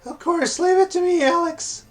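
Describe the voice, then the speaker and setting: A man voicing a small, bossy winged cat-dragon creature in a shrill, scolding voice. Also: normal speed. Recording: background game music.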